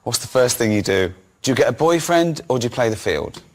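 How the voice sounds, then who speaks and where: Man, podcast co-host, teasing, probing, animated pitch, casual chat. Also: brisk.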